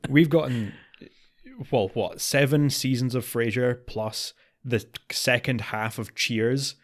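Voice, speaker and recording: A man co-hosting a podcast in casual chat, getting animated and higher when worked up. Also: slow. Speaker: podcast co-host.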